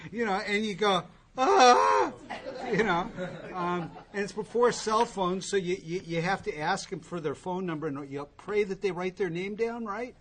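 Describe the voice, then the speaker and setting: A man's voice: sits high, a bit bright. Candid man telling his recovery story. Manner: candid, wry storytelling with asides to the listeners. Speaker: recovery speaker.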